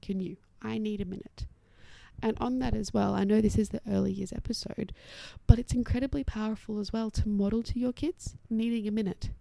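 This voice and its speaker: A young woman talks through parenting strategies on her solo podcast. Her voice is deep-toned and mellow with a gravelly edge, and it sounds dry and close. She is chatty and reassuring and often drops to a soft whisper. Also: steady tone, a little fast, few pauses, no room sound. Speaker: occupational therapist podcast host.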